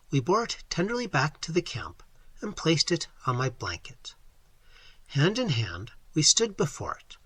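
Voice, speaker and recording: A man narrating an audiobook in an expressive storytelling manner. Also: on the high side, breathy edge, dry recording.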